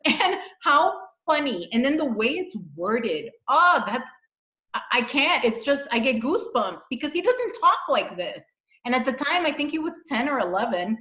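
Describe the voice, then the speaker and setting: A woman hosting a casual spiritual chat, telling her story in an earnest, animated way with frequent restarts. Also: high voice, normal speed. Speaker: channel host. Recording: dull echoey room sound.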